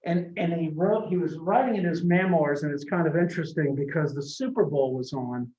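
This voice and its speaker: A man's voice: on the high side, a little fast, warm tone. A man teaching a college marketing class, talking conversationally with anecdotes and frequent restarts. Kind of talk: classroom lecture. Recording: echoey classroom from a distant mic, dull sound.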